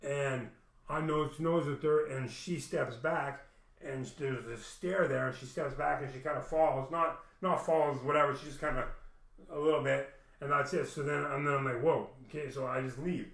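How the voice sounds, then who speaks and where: A man's voice: mid-range voice, fairly even intonation, normal speed, fairly bright tone, echoey room. A man rambling through a personal story to his camera at home, swearing heavily and restarting often. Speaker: vlogger. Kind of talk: emotional personal monologue. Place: room at home.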